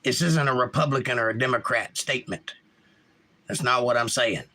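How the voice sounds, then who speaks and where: Brisk and sharp-toned, this mid-range male voice belongs to a livestream host who shares opinionated, blunt takes. He reads the chat out loud and responds to viewers directly.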